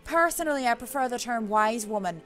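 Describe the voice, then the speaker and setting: A woman's voice: fairly high pitch, expressive, a little fast, fairly bright tone, faint music behind. A woman voicing a self-assured wise-woman witch in a wavering put-on Scottish-Irish accent, reading a visual novel aloud. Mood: confident.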